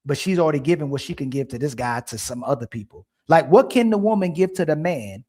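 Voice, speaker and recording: A man with a fairly high voice hosts a livestream debate. He is loud and emphatic, repeating his points and cutting across the others. His delivery stays forceful and insistent. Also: animated, fast. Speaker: livestream show host. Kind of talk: heated casual debate.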